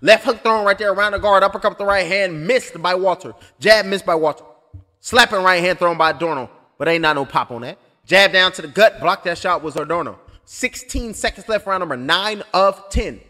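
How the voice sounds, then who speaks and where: Casual male fight commentator, high voice, swearing and joking, echoey long-tail room. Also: fairly quick, pushed and bright. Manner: profane, joking, rambling. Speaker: boxing commentator. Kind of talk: live blow-by-blow commentary.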